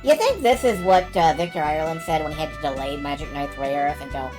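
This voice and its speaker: A woman's voice: sits low, expressive, a little fast, over music. A woman chatting casually and swearing offhandedly while live-streaming a game.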